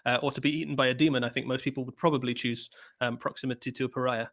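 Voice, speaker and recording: A man's voice: mid-range voice, steady tone, very fast, fairly bright tone. A man presenting product previews on a live stream, talking with many ums, uhs and restarts.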